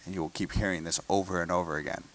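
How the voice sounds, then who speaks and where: An American man with a low, deep voice talks through a symphony as a guest conductor. He breaks into sung and hummed bits of melody to illustrate what listeners will hear. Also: fairly even intonation, racing. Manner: sings and hums melodies to illustrate points. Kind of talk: explaining music in an interview.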